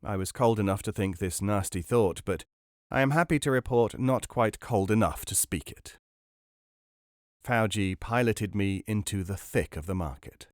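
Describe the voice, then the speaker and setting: Low-voiced man reading expressively. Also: no room sound, studio quality. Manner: measured, expressive storytelling. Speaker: podcast narrator. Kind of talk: audiobook reading.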